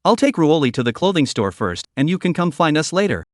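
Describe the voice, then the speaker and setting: A man's voice: a little high, sing-song, brisk, no echo, studio quality. A man voicing a lovestruck young man who talks eagerly and attentively.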